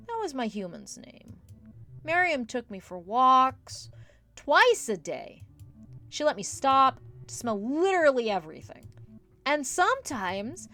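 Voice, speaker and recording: A woman voicing an eager, cheerful male ghost dog who loves jokes, talking high, loud and excitable. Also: exaggerated voice.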